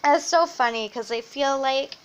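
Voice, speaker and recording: A woman's voice: sits high, normal speed, slight background noise, poor audio. A young woman venting casually at home, rambling and swearing freely. Her voice is strained from a sore throat and sometimes drops to a whisper. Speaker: vlogger. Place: at home with her baby nearby.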